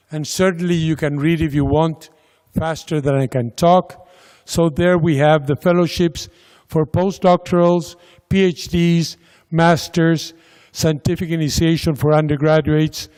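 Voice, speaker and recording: A man giving a slide presentation about a funding agency's programs, speaking slowly and deliberately with pauses and fillers. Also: on the high side, a little mellow. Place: lecture hall. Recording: lecture hall with long reverb.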